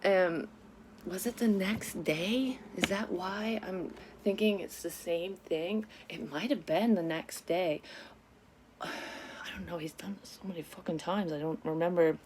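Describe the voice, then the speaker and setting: A woman's voice: on the low side, steady tone, unhurried, a little mellow, a little hiss or hum. A woman vlogger candidly telling a personal story in a casual, rambling way, with lots of swearing and frequent self-corrections. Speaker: psychic medium vlogger.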